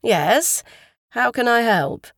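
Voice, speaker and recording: A woman's voice: on the high side, lively intonation, slow, fairly bright tone, no echo, clean studio sound, pitched above the performer's own voice, heavily acted. A woman voicing a flustered, polite husband who talks hesitantly and apologetically.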